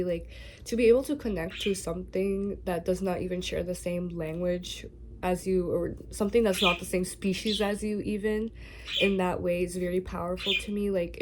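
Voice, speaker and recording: A woman singer-songwriter talking candidly and softly to camera from her bedroom, open about her feelings. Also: on the low side, noisy background. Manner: soft-spoken, candid, emotional. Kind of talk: casual talk to camera.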